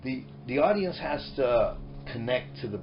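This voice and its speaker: A middle-aged man and comedian turned filmmaker, chatting in an animated, rambling way with many restarts as an interview guest on a boat. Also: mid-range voice, normal speed. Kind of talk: casual interview chat. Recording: muffled lo-fi recording with faint noise.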